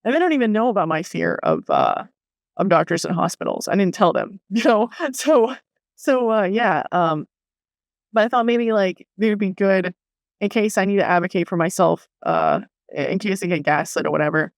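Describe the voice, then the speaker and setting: A woman's voice: mid-range voice, moderate pace, creaky, dry recording. Young woman ranting on her vlog, swears a lot, acts out voices, dry close sound. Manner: animated, swears freely, acts out quoted voices. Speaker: vlogger. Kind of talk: casual storytelling monologue.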